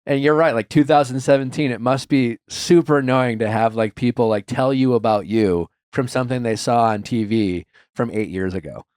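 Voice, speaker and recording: Brief: man podcast host, mid pitch, dry close sound, lively and teasing. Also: moderate pace, hardly any pauses, clean tone, no echo. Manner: animated, teasing questioner. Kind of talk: casual chat.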